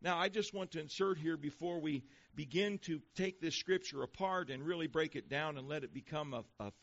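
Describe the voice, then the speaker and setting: A man preaching a sermon to a congregation, reading scripture slowly and with stress on each phrase. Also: fairly high pitch, a bit bright. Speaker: pastor. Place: church before a congregation. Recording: dull lo-fi sound.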